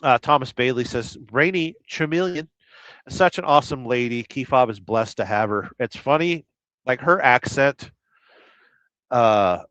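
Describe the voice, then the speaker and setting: Rambling middle-aged man, crude and smooth-voiced. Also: mid-range voice, animated, measured pace, a bit bright, no room sound. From Southern California. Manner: rambling and crude, hums nonsense syllables between comments. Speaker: truck driver live-streamer. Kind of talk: casual live-stream chat reading viewer comments. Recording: slightly dull lo-fi sound.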